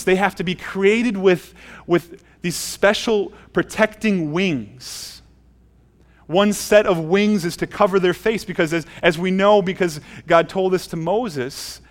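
A middle-aged male pastor preaching a sermon in a church, earnest, often repeating words as he restarts his phrases. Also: sits high. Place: church sanctuary.

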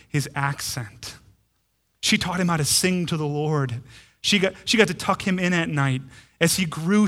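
Male pastor, 30s, sermon, bright higher voice, emphatic, stumbles on repeated words.

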